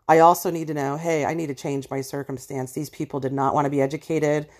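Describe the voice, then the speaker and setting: A woman's voice: sits low, flat delivery, fast talker, a little mellow. A woman hosting a personal monologue episode, speaking bluntly and passionately and appealing directly to listeners. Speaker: podcast host.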